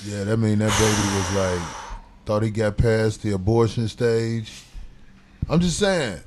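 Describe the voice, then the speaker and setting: A man's voice: fairly low pitch, measured pace, background noise. A man hosting a comedy talk show, joking crudely and profanely. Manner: profane, joking, does silly voices. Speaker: comedian host.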